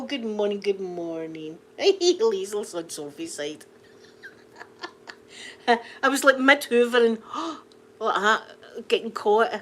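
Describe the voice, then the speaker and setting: A middle-aged Scottish woman from Scotland, chatting casually with viewers on a livestream, rambling and laughing often. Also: on the high side. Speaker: livestream host. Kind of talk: casual live chat with viewers.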